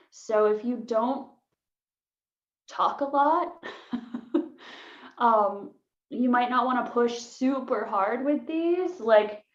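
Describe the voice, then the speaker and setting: A chatty woman with a fairly high voice runs a casual online voice workshop, laughing easily and filling her talk with "like." The sound is roomy and echoey, and the audio is a little dull and lo-fi. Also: a little mellow. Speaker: voice workshop leader.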